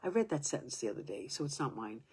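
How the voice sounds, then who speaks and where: Husky low-voiced woman in her seventies. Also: big pitch swings, mellow. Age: 70s. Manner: halting, restarting sentences, sometimes dropping to a whisper. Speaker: storyteller. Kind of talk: personal storytelling monologue.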